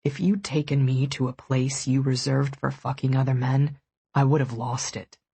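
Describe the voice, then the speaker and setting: A woman voicing an anxious, intense wealthy young man in an audiobook, speaking low, urgent and hushed. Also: steady tone, moderate pace, vocal fry, husky, heavily acted. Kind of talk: audiobook dialogue.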